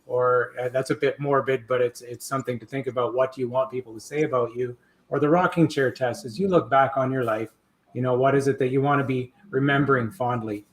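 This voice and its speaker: Male co-host, mid-pitched voice, curious and friendly interviewer. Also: steady tone, a little fast. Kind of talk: casual interview talk.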